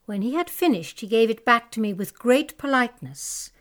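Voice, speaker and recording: A woman's voice: a little high, expressive, normal speed, fairly bright tone. A young woman playing a distressed young noblewoman, speaking with emotion in a dramatic audiobook reading. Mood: sorrowful. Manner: emotional, pleading and indignant.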